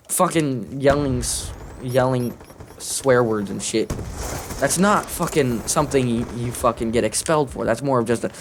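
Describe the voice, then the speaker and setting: Guy rambling a story while gaming, swearing a lot, mid voice, bit of hiss behind. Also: medium pitch. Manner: profane, rambling, laughing. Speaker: gaming commentator.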